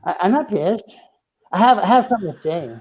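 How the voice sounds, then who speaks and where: A man's voice: sits high, lively intonation, brisk, darkish tone, husky. A man in his forties chatting as a guest on a video call, tipsy and rambling, swearing often. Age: 40s. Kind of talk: casual chat.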